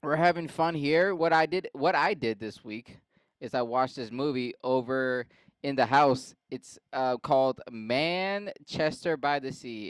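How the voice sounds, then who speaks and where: A man's voice: mid-range voice, unhurried, smooth, no echo. A man hosting a podcast, ranting crudely and sarcastically with lots of profanity. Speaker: podcast host. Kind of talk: crude comedic rant.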